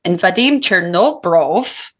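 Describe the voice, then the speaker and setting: A woman's voice: on the low side, expressive, slow, fairly bright tone. A woman co-hosting a podcast, chatting casually with swearing and reading her research notes aloud. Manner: profane, laughing banter. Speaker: podcast co-host.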